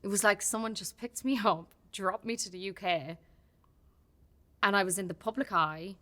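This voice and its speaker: A woman's voice: mid-range voice, steady tone, moderate pace, pushed and bright. An Irish woman talking openly and with feeling as a podcast guest, often restarting her sentences. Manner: open and heartfelt, many restarts. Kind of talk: candid casual chat.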